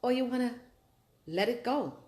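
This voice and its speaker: A woman's voice: a little high, animated, moderate pace, darkish tone, echoey room. A woman hosting a personal advice talk, telling her own story earnestly and with animation. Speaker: host.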